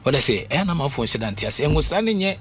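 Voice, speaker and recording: Animated Ghanaian man on radio. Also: fairly high pitch, very fast, slight background noise. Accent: Ghanaian English. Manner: animated, repetitive, with frequent fillers. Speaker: radio host. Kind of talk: casual radio talk mixing English and Twi.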